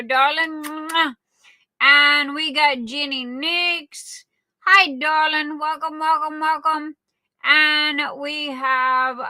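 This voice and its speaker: Clear and resonant, with no echo, a high-sitting female voice welcomes livestream viewers by name. She keeps the shout-outs warm and talkative, and everyone is "darling."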